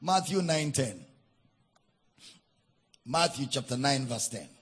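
A man with a Nigerian accent preaching a sermon, teaching with deliberate emphasis and spelling out words. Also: mid-range voice, animated, a bit bright, slightly rough. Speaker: pastor.

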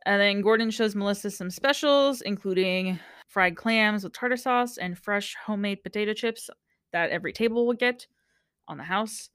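A woman's voice: mid-range voice, moderate pace, clean tone, no room sound, clean studio sound. A young woman on a podcast, casually recapping a TV show, acting out quotes and laughing often. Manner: animated storyteller, acts out quotes, laughs often. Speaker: podcast co-host.

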